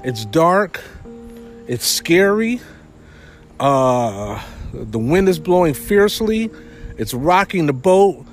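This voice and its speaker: A man's voice: a little high, big pitch swings, slow, pauses often, faint music behind. A man preaching a sermon in a conversational way, retelling a Bible story with frequent fillers.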